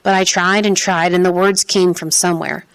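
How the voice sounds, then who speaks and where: Lower-pitched woman narrating steadily. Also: little pitch movement, moderate pace. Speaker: audiobook narrator. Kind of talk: first-person scripted narration.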